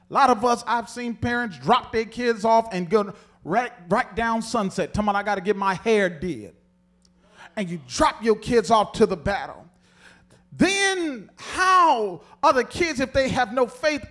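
Male pastor, very high voice, animated sermon, calls out to the congregation.

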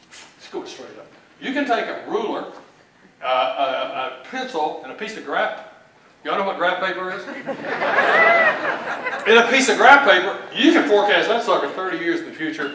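A man's voice: sits high, sharp tone, slight background noise. A man from Texas with a Texan accent, giving a folksy, joking keynote talk at a conference. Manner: folksy, joking, plain-spoken. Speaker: economist speaker. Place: large event hall. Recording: echoey hall, from far off.

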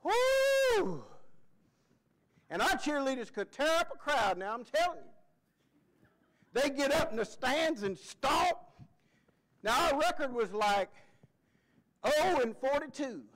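A male pastor preaching a folksy, excitable sermon, often breaking into shouted cheers. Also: very high voice, measured pace, long pauses, rough recording.

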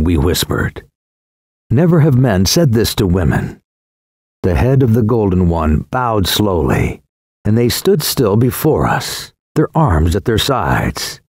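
A man narrating an audiobook in the first person with a slow, solemn and expressive reading. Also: fairly low pitch, slightly rough, no room sound, studio quality.

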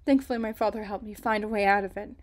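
A woman's voice: mid-range voice, steady tone, quick pace, natural voice. A woman doing a fiery young pirate lady. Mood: indignant. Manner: indignant, loud outbursts.

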